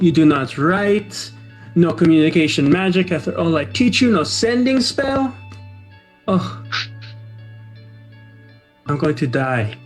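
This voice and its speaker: A man's voice: fairly high pitch, pitched above the performer's own voice. A man voicing a theatrical, dramatic older mother figure who scolds her child in a tabletop game. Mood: scolding. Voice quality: exaggerated foreign-sounding accent, melodramatic.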